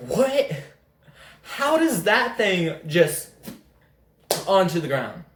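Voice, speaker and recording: Excitable young guy in echoey room. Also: on the high side. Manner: excitable, rambling, animated retelling. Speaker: vlogger. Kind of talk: casual storytelling.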